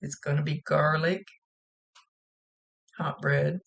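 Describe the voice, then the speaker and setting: Gravelly-voiced woman psychic medium. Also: low voice, little pitch movement, slow pace. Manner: chatty, relays spirit messages plainly. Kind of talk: recorded psychic reading monologue.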